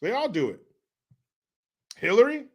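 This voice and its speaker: A man's voice: high voice, big pitch swings, measured pace, darkish tone, breathy edge. Profane, mocking male commentary host. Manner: mocking, profane, laughing often. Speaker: show host. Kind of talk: profane political commentary rant.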